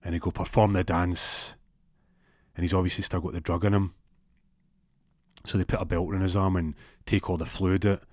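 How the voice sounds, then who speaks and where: A man telling an improvised comic story, animated, jumping into high put-on voices for the characters. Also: quick pace, pauses often, no echo, clean studio sound.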